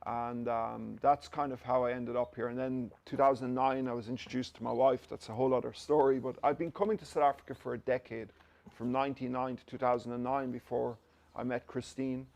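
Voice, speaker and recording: Flat in delivery yet brisk, this Irish man's medium-pitched voice is creaky and a little mellow. He is a company director on an interview, casually recounting stories and acting out what others said.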